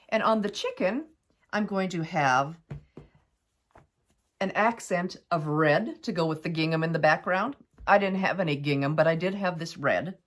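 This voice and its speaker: A middle-aged woman hosting a casual quilting tutorial, chatty and upbeat as she explains each step. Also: fairly low pitch.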